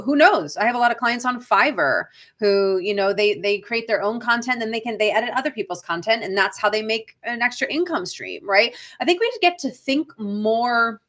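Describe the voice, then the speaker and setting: A woman's voice: medium pitch, a bit bright. A middle-aged woman with a Boston accent, hosting a live coaching chat for actors, talking casually and often tagging her points with a questioning "right?". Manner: chatty, frequent "right?" tag questions, reads viewer comments aloud. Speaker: acting career coach.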